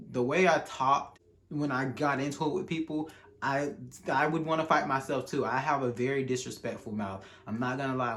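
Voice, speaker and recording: A young man telling a casual, animated storytime, acting out quotes and using slang. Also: medium pitch, slight background noise.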